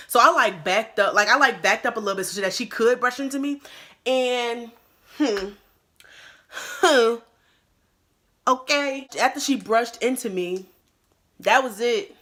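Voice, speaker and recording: Bright-voiced young woman telling a story. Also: on the high side, unhurried, pauses often. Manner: animated, acts out quotes in a louder voice; slangy, lots of "like" and "bro". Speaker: YouTuber. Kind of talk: casual storytelling chat.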